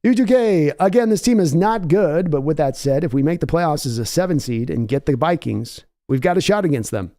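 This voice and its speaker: A chatty, excitable man hosts a live sports reaction stream, reading viewer messages aloud and talking casually. His voice sits a little high for a man. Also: brisk, few pauses, no room sound, studio quality.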